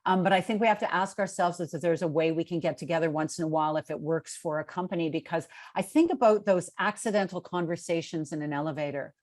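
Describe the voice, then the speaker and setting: A middle-aged woman answering questions on a video call, telling stories in a relaxed way with many fillers and restarts. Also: fairly low pitch, fast talker, few pauses. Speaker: keynote speaker.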